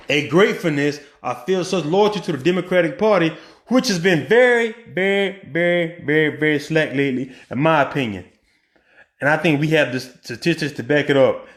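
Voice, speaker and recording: A man's voice: on the high side, roomy sound. A man giving a casual opinion monologue on a political commentary podcast, asking rhetorical questions and often restarting his sentences with ums.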